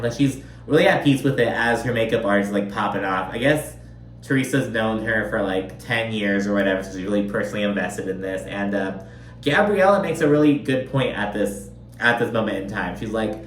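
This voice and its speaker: A man's voice: fairly low pitch, a little fast. A man giving a casual, chatty recap of a reality show, swearing freely and filling his sentences with "like.". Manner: chatty, profane, lots of "like". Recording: roomy echo, distant mic, faint hum.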